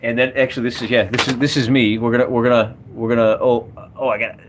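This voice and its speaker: A man's voice: medium pitch, flat delivery, fast talker, background noise. A man casually talking through a solo tabletop game, enthusiastic and rambling as he rolls dice and checks tables. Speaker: solo wargamer running a game.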